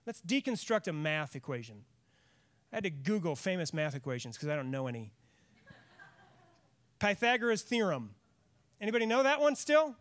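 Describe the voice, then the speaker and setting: A man preaching with earnest, emphatic drive, his voice sitting high for a man. He is a middle-aged pastor giving a church sermon, often repeating a line to press it home. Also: fairly bright tone. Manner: earnest, emphatic, laughs at times, repeats lines for stress. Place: church sanctuary.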